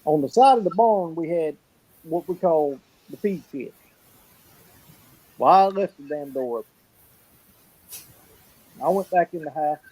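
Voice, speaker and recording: A man's voice: a little high, mellow, poor audio. Folksy man telling stories. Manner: colorful folksy storyteller, salty language. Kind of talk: casual storytelling chat.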